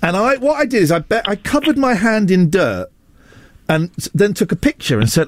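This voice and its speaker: A man's voice: high voice, big pitch swings, slight background noise. A man presenting a radio show in casual banter, teasing his co-hosts and a caller with a playful, joking manner. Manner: teasing, playful, quick to joke.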